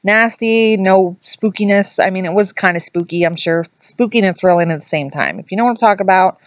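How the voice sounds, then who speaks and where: A woman's voice: a little fast, no echo. A middle-aged woman vlogger casually telling a ghost story to camera, rambling with asides and restarts. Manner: acts out quoted voices in a higher pitch.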